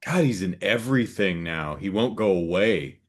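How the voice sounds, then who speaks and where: Deep-voiced man in casual movie chat. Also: expressive, normal speed. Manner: chatty, swears casually, laughs between remarks. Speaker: podcast host.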